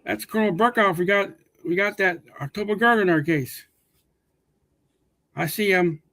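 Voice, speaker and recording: A man's voice: high voice, normal speed, fairly bright tone. A man reading comic book dialogue aloud as co-host of a casual read-along, often stumbling and repeating words.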